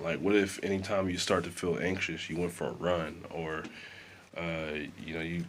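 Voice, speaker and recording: A man's voice: low voice, flat delivery, moderate pace, a little hiss or hum. A man chatting casually to camera as a vlogger, rambling with lots of fillers, in a small sound-deadened room. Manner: rambling, filler-heavy, conversational. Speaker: vlogger and musician.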